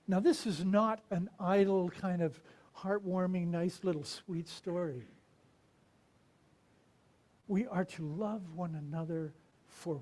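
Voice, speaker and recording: Man preaching with soft whispered asides. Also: sits high, steady tone, slow pace, long pauses. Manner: storytelling, dramatic swings from loud to whispered. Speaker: minister. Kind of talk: sermon.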